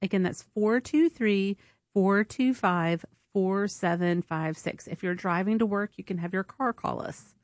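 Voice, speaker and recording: A woman's voice: mid-range voice, unhurried, dry recording, clean studio sound. A woman hosting an on-air fundraiser at a community radio station, chatty and upbeat. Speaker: public radio host. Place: radio studio. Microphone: studio microphone.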